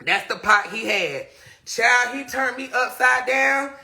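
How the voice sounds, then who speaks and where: A man telling a story casually on a live stream, animated and laughing often as he talks to viewers. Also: very high voice, unhurried, creaky.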